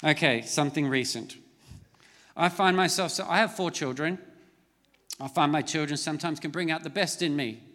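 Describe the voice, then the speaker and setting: A man's voice: a little high, moderate pace, a bit bright, in a large hall. A middle-aged man preaching a sermon as a pastor, conversational and storytelling, with self-mocking asides. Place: large church hall.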